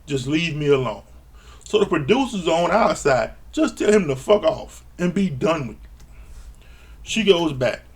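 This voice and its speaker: Man, gravelly, slightly high voice, casual recap rant, blunt, exasperated. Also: big pitch swings, moderate pace. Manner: blunt, exasperated, swears often. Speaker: reality TV reviewer.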